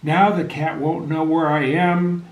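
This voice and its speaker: A man's voice: a little high, level tone, unhurried. A man voicing an anxious little female puppy who talks in a worried, whimpering way. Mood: distressed. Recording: echoey room.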